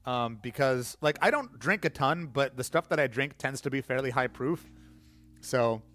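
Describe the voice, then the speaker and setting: A man's voice: medium pitch, animated, moderate pace, a bit bright. Rambling, chatty male streamer. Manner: rambling, chatty, self-deprecating. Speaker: livestream host. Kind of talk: casual chat while mixing cocktails.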